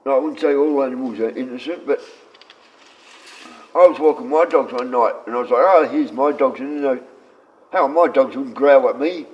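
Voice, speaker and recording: A man's voice: moderate pace, long pauses. Rambling, swearing man, dull lo-fi audio. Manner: rambling, swearing, voice drops low and quiet often. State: sick. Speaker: livestreamer. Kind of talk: rambling live-stream chat.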